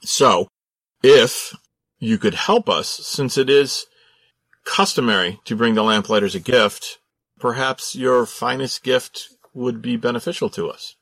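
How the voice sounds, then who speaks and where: A man's voice: mid-range voice, unhurried, gravelly, fairly bright tone, dry recording. A man voicing a proper, polite old grandmother who speaks formally. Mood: gracious.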